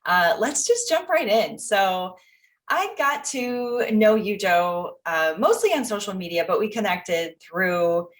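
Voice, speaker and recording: A woman hosting a podcast, asking questions in a relaxed, conversational way with filler pauses. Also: medium pitch. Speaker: podcast host. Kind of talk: casual interview chat.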